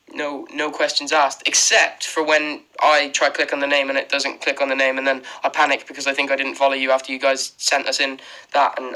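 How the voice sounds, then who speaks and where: A man's voice: fairly high pitch, bright, forceful tone, poor audio. A young Irish man chatting casually on a phone livestream from his bedroom, rambling with fillers as he thanks viewers one by one. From Ireland. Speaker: livestream host. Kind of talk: casual livestream chat reading comments. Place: bedroom indoors. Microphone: phone held close.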